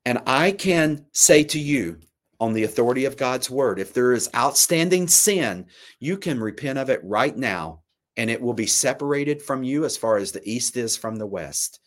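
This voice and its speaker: An American man hosting a weekly broadcast, preaching a sermon in an earnest way and dropping to a soft whisper on key phrases. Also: mid-range voice, lively intonation, normal speed. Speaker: host and preacher.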